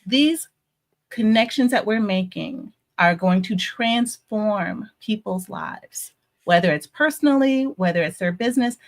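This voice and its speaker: A woman's voice: mid-range voice, unhurried. A woman hosting a podcast, affirming her guest and laughing often in casual chat. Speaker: podcast host.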